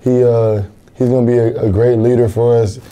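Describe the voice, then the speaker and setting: A man's voice: mid-range voice, level tone, normal speed, mellow. A young college football player answering interview questions in an earnest, plain-spoken way, often repeating words as he thinks. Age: young adult.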